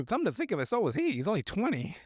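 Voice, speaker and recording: A man on a podcast casually recapping a movie, profane and animated, acting out the characters' lines as he goes. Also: high-pitched, fast, husky, no echo, clean studio sound. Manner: profane, animated retelling with acted-out quotes. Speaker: podcast host.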